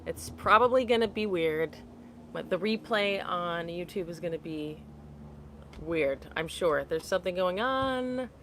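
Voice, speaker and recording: A woman's voice: on the low side, animated, measured pace, a bit bright, slight background noise. Chatty woman hosting a phone livestream. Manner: chatty, laughs often, apologetic and easily sidetracked. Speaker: livestream host. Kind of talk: casual live chat with viewers. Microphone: phone held upright.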